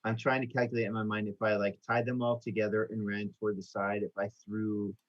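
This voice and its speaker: Low-voiced man thinking aloud, lo-fi. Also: little pitch movement, fairly quick. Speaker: player. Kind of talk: tabletop game play.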